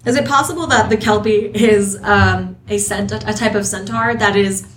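A woman who is a guest on a casual podcast. She jokes playfully and throws in quick asides. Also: medium pitch, a bit bright, slight background noise. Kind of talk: casual comedic chat.

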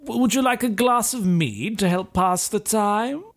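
A man's voice: high-pitched, a little slow, pitched above the performer's own voice. A man voicing a creepy, insistent male knight who keeps pressing mead on people. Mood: smarmy. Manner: oily, insistent, theatrical.

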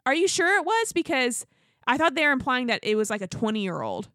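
A woman's voice: sits high, brisk, no room sound, studio quality. A woman co-hosting a podcast, chatting casually about reality TV, laughing often and acting out what people said. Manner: chatty, quotes people in animated put-on voices, laughs often. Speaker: podcast co-host. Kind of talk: casual chat recapping reality TV.

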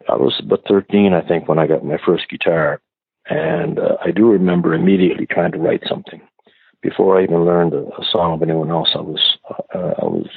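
Acadian man, singer-songwriter guest, very deep gravelly voice, halting answers over a tinny phone line. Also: no echo. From Canada. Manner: hesitant, many restarts and fillers. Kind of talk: casual interview answers.

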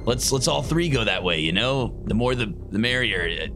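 A man's voice: medium pitch, animated, moderate pace, over music. A man playing a tabletop game in character, jittery and swearing with nervous bravado. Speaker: player.

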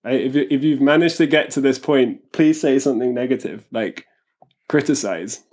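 A man talks as a podcast guest in a self-deprecating, halting way, tripping over his words and starting sentences again. His pitch sits in the ordinary middle range for a man. He sounds like a poet relaxing into casual conversation. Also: darkish tone. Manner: self-deprecating, stumbling restarts.

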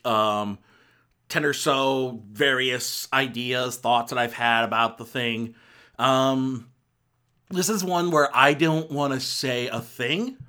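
Casting note: a man at a mid-range pitch, chatty and rambling, who fills his pauses with ums. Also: pushed and bright. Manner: rambling, with many ums and restarts. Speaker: movie reviewer. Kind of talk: casual spoken movie review.

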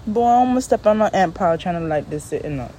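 A woman's voice: on the low side, fast talker, a little hiss or hum, rough recording. Woman venting casually outdoors on phone. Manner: rambling, venting, animated asides. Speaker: podcast host. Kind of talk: casual rambling monologue. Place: outdoors in the shade.

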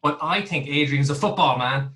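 A man's voice: on the high side, moderate pace, sharp tone. A man hosting a podcast, chatty and self-deprecating as he introduces his guests. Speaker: podcast host. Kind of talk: casual podcast chat.

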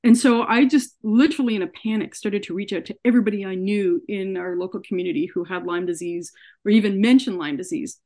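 A woman speaks as an interview guest, recounting her experience in earnest. She voices the people in her story as she goes, at a middling pitch for a woman. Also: quick pace, dark tone. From Canada. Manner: earnest, recounts events by acting out quoted dialogue. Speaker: podcast guest. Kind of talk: personal story told in an interview.

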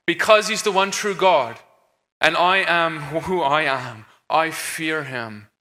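A man's voice: a little high, slow, pushed and bright. A man speaking on a conference stage, earnest and emphatic, talking in a preaching tone with frequent restarts. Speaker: conference speaker on deliverance ministry. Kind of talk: stage discussion. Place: conference stage in a large hall. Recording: reverberant hall.

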